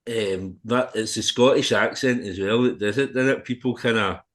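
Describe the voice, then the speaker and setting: A man's voice: fairly low pitch, normal speed. A man hosting a podcast, asking friendly leading questions in a casual interview, with fillers and tag questions. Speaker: podcast host.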